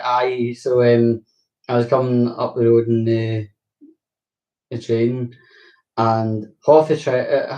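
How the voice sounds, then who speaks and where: A man's voice: medium pitch, darkish tone, recorded from a distance, muffled recording. A young Glaswegian man chatting casually to his viewers, rambling and swearing with frequent laughs. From Glasgow, Scotland. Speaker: vlogger. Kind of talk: casual chat. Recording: roomy, from the mic.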